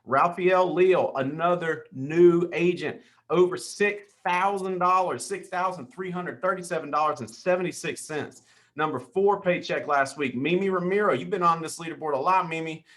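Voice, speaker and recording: A man hosting a weekly team sales call, reading out leaderboards with hyped shout-outs, calling people dude and brother. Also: fairly high pitch. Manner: hyped, calls everyone dude and brother, quick asides.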